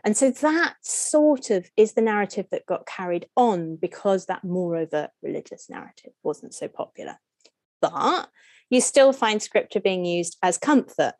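A woman scholar speaking as a podcast guest, explaining at length. She talks in an animated way, leaps up in pitch when joking, and asks strings of rhetorical questions. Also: moderate pace, no room sound. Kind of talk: podcast interview.

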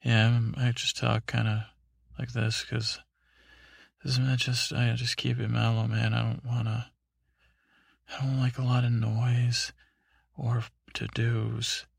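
A man voicing a mellow, mumbling superhero in a sleepy bedtime story. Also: level tone, slow pace, vocal fry, long pauses, husky, no room sound, clean studio sound, heavily acted. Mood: flat. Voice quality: mumbling, low-key.

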